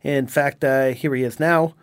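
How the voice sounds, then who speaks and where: A man's voice: medium pitch, fairly even intonation, a little slow, clear, resonant tone, no echo. A man hosting a talk radio show, delivering an emphatic, indignant monologue and often repeating his words.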